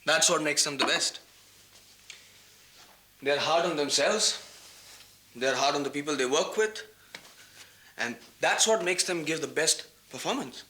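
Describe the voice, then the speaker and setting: A man's voice: a little high, unhurried, long pauses, pushed and bright. An actor playing a boastful, flirtatious male film star with an Indian accent, breezily mixing Hindi into his English. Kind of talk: 1990s TV drama acting.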